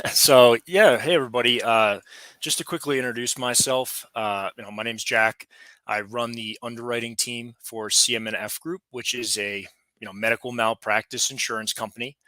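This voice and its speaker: A man's voice: medium pitch, steady tone, moderate pace, pushed and bright, no room sound, low-quality recording. A man presenting to a live online audience, friendly and casual, leaning heavily on "you know" and other fillers. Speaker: insurance underwriting team lead, guest presenter.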